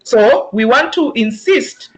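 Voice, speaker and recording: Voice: medium pitch, lively intonation, slow, a little hiss or hum. A presenter from Kenya with a Kenyan accent, giving an instructional webinar talk to teachers and patiently sounding out words syllable by syllable.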